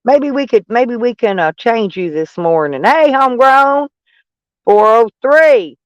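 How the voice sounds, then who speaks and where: A man from Arkansas with a Southern drawl chats on a live stream, rambling through viewer comments and poking fun at himself. His voice sits high for a man and comes across smooth and polished. The sound is dry and close, with no room echo. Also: animated, a little slow. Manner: rambling, joking and self-mocking, breaks into laughs.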